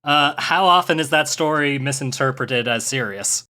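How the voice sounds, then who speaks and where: A man's voice: a little high, pushed and bright. A man hosting a podcast in casual chat, teasing his co-host and asking him leading questions. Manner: teasing, quick to laugh, asks leading questions.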